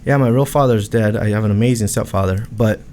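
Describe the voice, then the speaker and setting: A man's voice: on the low side, fast talker, a little mellow, slight background noise. A man in his forties from Arizona, a realtor guest on a podcast, talking in an earnest, heartfelt way with many restarts. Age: 40s. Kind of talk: casual interview talk.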